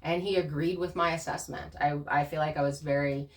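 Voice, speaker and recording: A woman co-hosting a channel, casually talking through her experiences in an earnest, animated way. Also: deep voice, a little fast, distant mic. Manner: earnest, animated storytelling with laughs. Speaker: channel co-host. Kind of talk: casual conversation.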